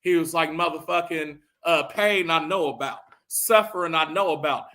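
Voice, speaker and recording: Dude with a high bright voice doing a wild profane movie recap, acts out all the lines. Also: male voice, moderate pace. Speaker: comedic storyteller recapping a film. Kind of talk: animated comedic movie recap.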